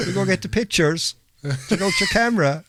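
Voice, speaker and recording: A man doing a cartoonish Limerick local, his voice pushed up high and loud. The accent is deliberately overdone, in a mocking and playful way. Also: wildly swooping pitch, noisy background. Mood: teasing. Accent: put-on Limerick.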